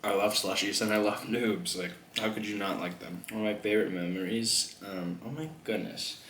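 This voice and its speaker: Young guy eating on camera, rambly and sweary, low voice, echoey room with faint noise. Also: flat delivery, brisk, fairly bright tone. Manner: rambling, swearing, laughing often. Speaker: mukbang vlogger. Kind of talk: casual chat while eating.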